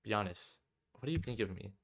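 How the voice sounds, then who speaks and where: A man's voice: lowish voice, animated, quick pace, gravelly. A man doing a shy, tearful teenage girl. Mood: pleading. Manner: soft, self-deprecating, pleading.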